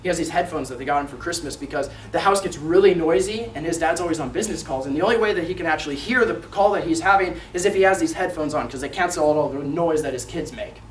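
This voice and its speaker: A young man tells a sermon story, dropping to whispers and then shouting as he acts out a boy's lines. His voice sits fairly high. He is heard from some distance in a reverberant room with a faint hiss underneath. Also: fast, few pauses. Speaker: student preacher. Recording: echoey room, mic at a distance.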